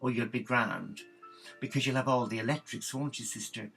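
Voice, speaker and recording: A gossipy Irish housekeeper turned nun, played by a man, prattling through a comic monologue. Her voice is gravelly and sits at a middling pitch, full of gasps and exclamations. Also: fairly even intonation, normal speed, fairly bright tone, faint music behind. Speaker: comic storyteller.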